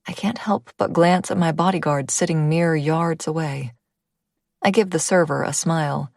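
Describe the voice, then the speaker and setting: Low, gravelly woman narrating an audiobook. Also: moderate pace, darkish tone, no echo, studio quality. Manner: intimate, dropping to a whisper at tense moments. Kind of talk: first-person audiobook narration.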